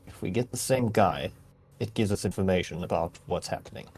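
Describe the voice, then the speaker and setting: A man's voice: low-pitched, brisk, darkish tone, husky. A man chatting casually as a player in a tabletop role-playing game, playful and joking.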